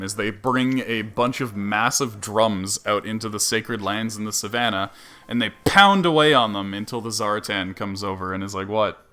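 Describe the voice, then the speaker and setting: A man running a tabletop game as game master, narrating with lots of fillers and laughs. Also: lowish voice. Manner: animated, laughs often, many fillers and restarts.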